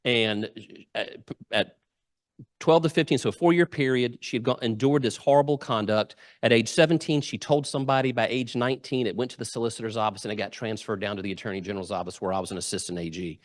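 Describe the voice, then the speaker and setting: A man's voice: medium pitch, quick pace, no echo, clean studio sound. A middle-aged man, giving a humorous storytelling speech and acting out the quotes. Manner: lively anecdotal storyteller, acts out quotes. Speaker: guest speaker. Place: club meeting room.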